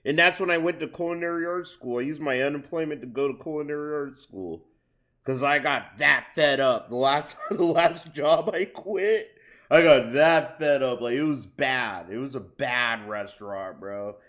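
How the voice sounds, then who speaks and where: A man's voice: mid-range voice, normal speed, a bit bright. A young man doing casual reaction commentary on a stream, crude and profane as he rambles through stories.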